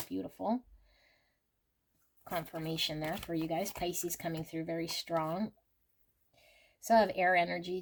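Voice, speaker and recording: A woman's voice: lowish voice, creaky, a little hiss or hum. A woman reading tarot and oracle cards for viewers, naming each card with effusive, breathless reactions.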